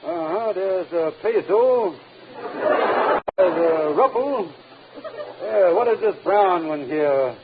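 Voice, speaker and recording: An actor playing a scheming, smooth-talking middle-aged con man in a 1940s radio sitcom, fumbling his words with hesitant uhs. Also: high-pitched, lively intonation, takes it slowly, long pauses, over a noisy crowd. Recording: tinny old radio broadcast with audience laughter and hiss.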